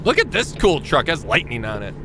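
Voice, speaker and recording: A man streaming a trucking game, chatting casually and joking with his viewers, now and then jumping into high squeaky exclamations. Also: wildly swooping pitch, fast, noisy background. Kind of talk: casual live-stream chat while gaming.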